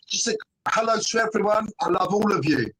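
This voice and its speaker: A man's voice: sits high, animated, a little fast, fairly bright tone, slight background noise. A middle-aged man, a guest on a fan panel, arguing emphatically in casual chat, forever tossing in "mate" and "right?". He is joining over a phone call.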